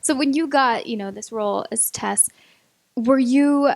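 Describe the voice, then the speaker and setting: Upbeat, gravelly, fairly high female host. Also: measured pace, no room sound. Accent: Southern US, faint. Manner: upbeat, laughing, teasing. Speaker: interview host. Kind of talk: casual interview chat.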